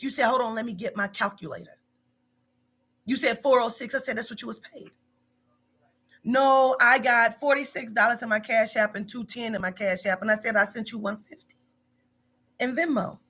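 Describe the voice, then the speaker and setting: A woman's voice: fairly high pitch, bright, forceful tone, slightly rough. A woman in her forties, a business owner, scolding bluntly and profanely in a heated phone argument. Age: 40s.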